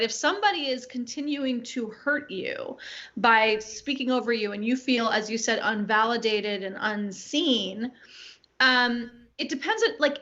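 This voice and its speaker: A woman co-host and coach chatting casually on a live stream, quick and laughing often. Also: on the high side, bright, forceful tone. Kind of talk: live-streamed talk show chat. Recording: dull lo-fi stream audio.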